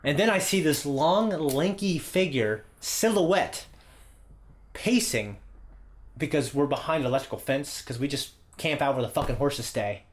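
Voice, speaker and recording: A man's voice: a little high, unhurried. A man in his thirties, a podcast co-host, telling a long personal anecdote in a casual, profane style, checking in with "okay?" as he goes. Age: 30s. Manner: profane, animated anecdote with frequent "okay?" asides. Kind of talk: casual storytelling.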